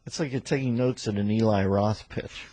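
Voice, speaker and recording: A man hosting a radio talk show, firing off quick wisecracks and pop culture jokes in casual banter from the studio. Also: fairly low pitch, mellow, breathy edge. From United States. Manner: rapid-fire wisecracks and pop culture riffs.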